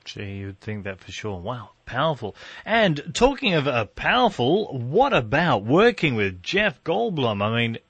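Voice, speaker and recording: A man's voice: medium pitch, sing-song, measured pace, few pauses, fairly bright tone, breathy edge, dry recording, dull audio. A male radio host interviewing a guest in a chatty, playful way.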